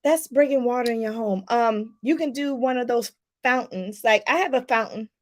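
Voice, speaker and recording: High-voiced chatty life coach woman. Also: normal speed. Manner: chatty, laughs often, talks to viewers as "y'all"; lively, pitch jumps up for emphasis. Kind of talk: casual live-stream talk.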